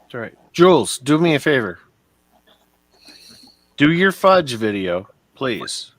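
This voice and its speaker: Slow, bright-voiced profane man. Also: mid-range voice, big pitch swings, no room sound. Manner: profane, encouraging and upbeat. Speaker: host. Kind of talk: casual late-night live stream chat.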